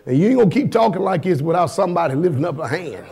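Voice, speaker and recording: A man's voice: a little high, mellow, husky. A man preaching a sermon as pastor, firing blunt rhetorical questions at his congregation in a folksy, emphatic way.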